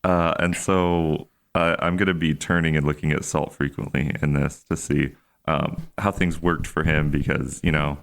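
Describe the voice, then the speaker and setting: A man's voice: a bass voice, flat delivery, normal speed, gravelly. A man hosting a podcast in casual chat, joking and hesitant, with many fillers and restarts. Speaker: podcast host.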